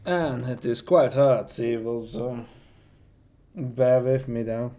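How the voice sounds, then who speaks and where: A man's voice: mid-range voice, fairly even intonation, slow pace, pauses often, mellow. A young man chatting casually on a stream, rambling in a self-deprecating way with slightly non-native phrasing. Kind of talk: casual chat showing off voices.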